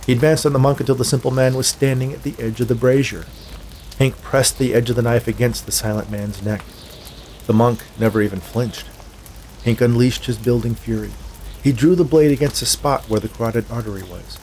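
A man reading a dark tale aloud in a measured, scripted storytelling manner. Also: mid-range voice, steady tone, slight background noise. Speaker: narrator. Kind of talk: scripted audiobook narration.

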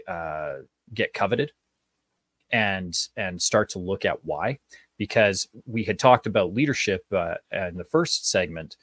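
Low-voiced man telling a story. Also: a bit bright, no room sound. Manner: storytelling with many fillers and restarts. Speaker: guest, public speaking coach and author. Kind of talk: casual interview talk.

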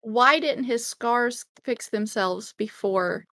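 Gravelly higher-voiced woman chiming in. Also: takes it slowly, fairly bright tone, no echo, studio quality. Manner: brief interjections and questions. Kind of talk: casual movie chat.

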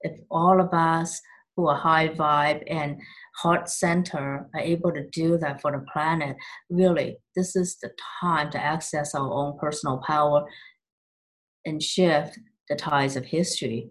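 Brief: woman guest with a lower voice, unhurried and earnest. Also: steady tone. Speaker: guest healer. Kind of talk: casual chat.

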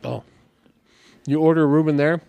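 A man's voice: a little high, steady tone, moderate pace, gravelly, dark tone, no echo. A man hosting a podcast in a bar, chatting casually and rambling with frequent laughs. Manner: rambling, self-deprecating, laughs often. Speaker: podcast host. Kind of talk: casual chat. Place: bar, indoors.

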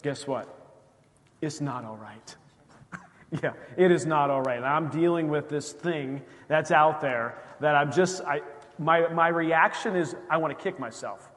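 A man's voice: fairly high pitch, unhurried, fairly bright tone, big-room sound. A male pastor preaching a sermon in a conversational way, often acting out quoted voices. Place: church sanctuary.

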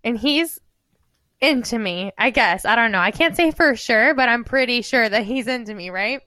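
A woman in her twenties, co-hosting a podcast, telling a story in casual chat and acting out every quote with animated swings of voice. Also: moderate pace, no room sound, clean studio sound. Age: 20s. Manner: animated, acts out quoted dialogue with big pitch jumps and laughter. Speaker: podcast co-host.

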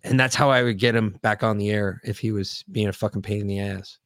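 A man co-hosting a podcast in casual talk, grieving, speaking in halting, emotional bursts with lots of profanity and restarts. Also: fairly low pitch, steady tone, no room sound, studio quality. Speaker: podcast co-host.

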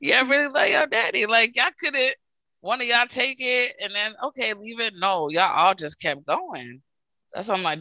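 A woman's voice: medium pitch, normal speed, no echo, lo-fi sound. A woman co-hosting a podcast, chatting casually and telling jokey family stories. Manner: animated, joking storyteller. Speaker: podcast co-host. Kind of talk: casual chat.

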